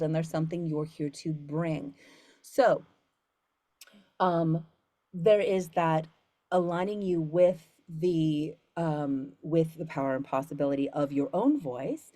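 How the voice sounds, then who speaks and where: A woman's voice: on the low side, dark tone, dry recording. A woman voiceover coach talking casually with students, earnest and rambling, with many fillers and restarts. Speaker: voiceover coach and studio founder.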